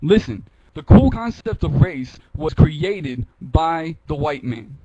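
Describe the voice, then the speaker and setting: A man's voice: on the high side, lively intonation, slow, lo-fi sound, heavy background noise. A man arguing heatedly in an online voice chat, repeating his questions and pressing his point. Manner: repetitive, taunting, keeps pressing the same question. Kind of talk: heated argument.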